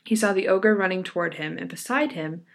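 A woman's voice: on the low side, brisk, vocal fry. A woman co-hosting a casual chat, reading a folk tale aloud and giggling often. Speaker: podcast co-host.

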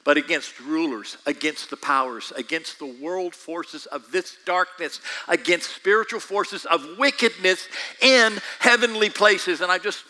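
A man preaching a sermon, talking straight to his listeners with quick asides. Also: high-pitched, sharp tone, rough recording.

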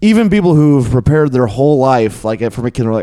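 Relaxed man musing in casual chat. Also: medium pitch, fairly quick, no room sound, clean studio sound. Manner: relaxed, reflective, frequent short agreements.

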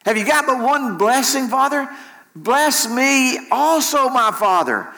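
A man's voice: normal speed, big-room sound. A man preaching while voicing a grown son who begs his father for a blessing, crying out in a raised, pleading voice. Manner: pleading, crying out high and loud.

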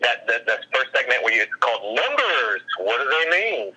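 A man's voice: medium pitch, very animated, normal speed, heavy background noise. A man who works in radio, chatting casually on a podcast in a rambling, self-mocking, joking way.

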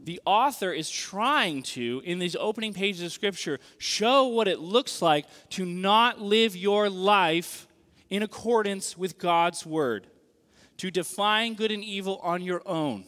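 A man preaching a sermon as a pastor, conversational and animated, with frequent rhetorical questions to the congregation. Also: sits high. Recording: long hall reverb.

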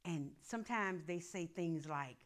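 A woman pastor, preaching a sermon that swings from murmured prayer to loud calls. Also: fairly low pitch, unhurried.

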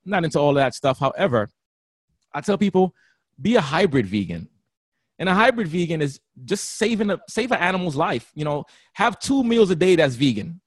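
A man, a guest personal trainer on a radio interview, talking in an animated, laugh-prone way. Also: on the high side, brisk, no echo. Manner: animated, laughs often, slips into playful voices.

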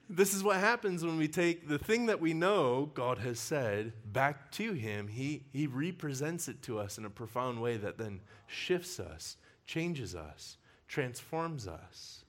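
A male pastor preaches with a lively, swooping voice that rises and falls all through his talk. He tells personal stories in an animated way and breaks into laughter often. His delivery stays warm-hearted and conversational from the pulpit. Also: mid-range voice, measured pace. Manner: animated storyteller who laughs often while talking.

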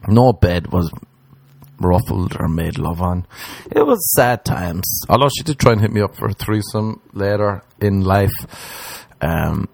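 Gravelly man riffing comedy. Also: lively intonation, a little slow, a little mellow, slight background noise. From Ireland. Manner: jokey, swings into high put-on voices. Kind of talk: rambling comedic monologue.

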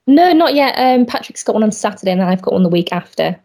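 A woman's voice: mid-range voice, lively intonation, fast talker. A woman with a light Yorkshire accent, a guest on a podcast, talking in a modest, friendly way. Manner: modest, friendly, with soft laughs. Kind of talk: casual interview chat.

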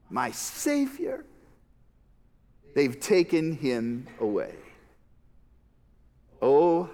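A man preaching a sermon as a pastor, expressive, moving from hushed lines to emphatic ones. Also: a little high, big-room sound.

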